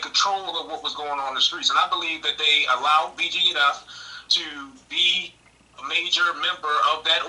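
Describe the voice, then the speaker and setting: A man's voice: fairly high pitch, sharp tone, far from the mic, poor audio. A man speaking as a campaign manager on a political podcast, earnest, often repeating and restarting his words.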